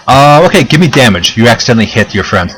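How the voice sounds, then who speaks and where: A man as game master, explaining rules in a relaxed way with many fillers. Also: mid-range voice, quick pace, a little hiss or hum, low-quality recording. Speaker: dungeon master. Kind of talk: running a tabletop game.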